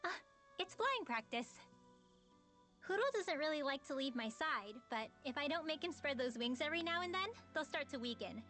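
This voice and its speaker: Rinwell, a bright young game mage. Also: female voice, high voice, lively intonation, moderate pace. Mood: fussing. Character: young woman mage, doting owner of a pet owl. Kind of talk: video game voice acting. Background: faint game music.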